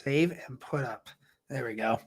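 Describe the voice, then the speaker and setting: This is a fan host calling a football game play by play on a casual livestream. The voice sits at a middling pitch, and the delivery is measured, steady and halting, with frequent restarts. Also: breathy edge.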